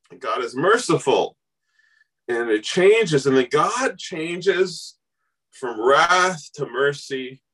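A man preaching with a high, bright, ringing voice, picked up from a little way off the mic. He tells the story with animation, acting out the voices he quotes, and climbs into shouts at the peaks. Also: far from the mic, low-quality recording. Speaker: pastor. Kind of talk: sermon.

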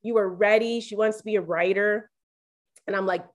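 A woman speaking to listeners about her faith, telling a candid personal story in an animated, confiding way. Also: mid-range voice, a little fast. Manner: animated, confiding, acts out quoted voices; addresses listeners directly as "guys".

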